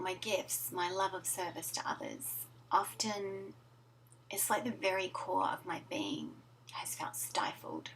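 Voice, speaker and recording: A woman coach telling a personal story to camera from her home office, in a soft, reflective voice that often sinks to a breathy near-whisper. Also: on the low side, recorded from a distance, slight background noise, rough recording. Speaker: life coach.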